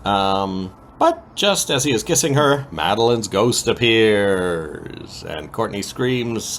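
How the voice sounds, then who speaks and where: A man co-hosting a podcast, recapping soap opera episodes in a casual, animated way with frequent ums. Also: fairly low pitch, a little slow, a little hiss or hum. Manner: lively, animated retelling with many ums.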